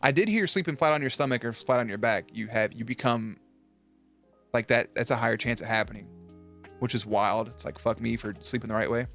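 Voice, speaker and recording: A man chatting casually on a live stream, animated and profane, with sudden jumps up in pitch. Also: fairly quick, faint music behind.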